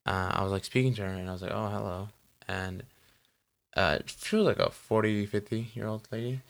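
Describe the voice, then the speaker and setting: Podcast co-host, man, low gravelly voice, loose rambling chat. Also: steady tone, brisk. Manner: rambling, lots of "like" and "you know". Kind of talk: casual chat. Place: Los Angeles.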